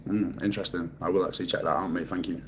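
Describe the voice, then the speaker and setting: Deep-voiced laid-back Mancunian man. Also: fairly even intonation, rapid-fire, slight background noise. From Manchester, England. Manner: laid-back, dry and sarcastic, swears casually. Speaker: livestreamer reading chat. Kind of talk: casual live-stream chat.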